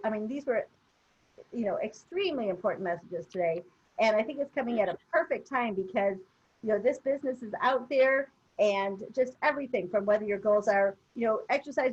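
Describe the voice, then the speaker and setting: A woman's voice: a little high, breathy edge, dull audio. A woman co-hosting a motivational webinar, telling a personal story in a chatty way with many fillers. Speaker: webinar co-host. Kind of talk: casual motivational chat.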